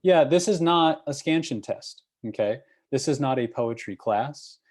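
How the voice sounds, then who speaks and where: A man's voice: mid-range voice, expressive, unhurried, a little mellow. A man leading an online course review session, patient and encouraging, checking in often with "okay?" and "right?" over a computer mic. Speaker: course instructor.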